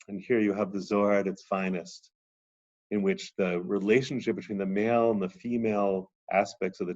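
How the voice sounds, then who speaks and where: A man's voice: low-pitched, husky, muffled recording. A man lecturing on a text, reading passages aloud with rising drama and then explaining them.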